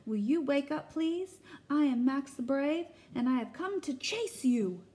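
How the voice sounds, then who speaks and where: Brave storybook kitten , put on by a woman reader, boasting and bouncing, high and lively. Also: unhurried, slight background noise. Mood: polite, proud. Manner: boastful, loud and eager.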